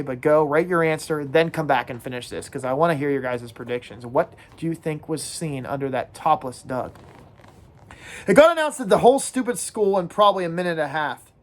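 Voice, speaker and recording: Reading a first-person novel aloud to her class, this female teacher has a deep voice. She breaks off at times to speak to the students and put questions to them.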